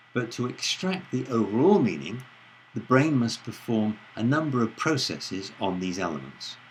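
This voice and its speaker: A man giving a recorded lecture on speech and the brain in a measured, explanatory way, stressing words as he reads example sentences. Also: on the low side, slight background noise, rough recording.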